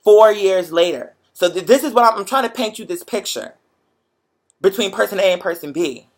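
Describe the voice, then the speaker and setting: Animated young man hosting a show. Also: high voice, moderate pace. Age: young adult. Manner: animated, profane, motivational storytelling. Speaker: show host. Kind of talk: casual livestream chat to viewers.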